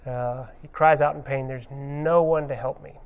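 A man's voice: medium pitch, fairly even intonation, normal speed, narrow, tinny audio. A man giving an informal sermon, talking conversationally with many ums and uhs as he retells a scene. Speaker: pastor.

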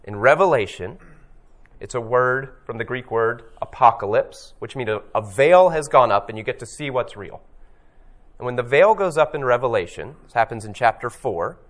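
A man teaching about scripture in a reflective, storytelling way, slowing down to stress key phrases. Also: mid-range voice, lively intonation. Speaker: Bible teacher.

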